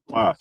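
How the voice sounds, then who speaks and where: A man's voice: dry recording, poor audio. A man hosting a casual talk stream, mocking and swearing, often laughing. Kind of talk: heated casual commentary.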